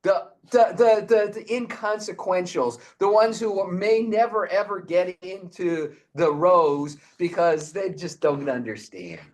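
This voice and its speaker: A man hosting and teaching, retelling a Talmudic tale as an animated storyteller. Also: high voice, a little slow, few pauses. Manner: animated storyteller, frequent restarts.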